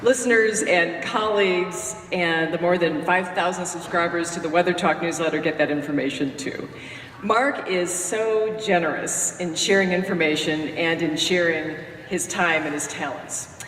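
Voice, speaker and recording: A woman's voice: lowish voice, normal speed, fairly bright tone. A woman who hosts a radio morning show gives a folksy, joking tribute speech at a podium in a lecture hall. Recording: echoey hall from far off.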